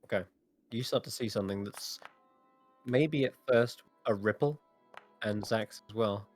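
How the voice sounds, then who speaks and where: A man's voice: fairly low pitch, unhurried, faint music behind. A man running a tabletop game as dungeon master, narrating scenes in a descriptive way with frequent restarts.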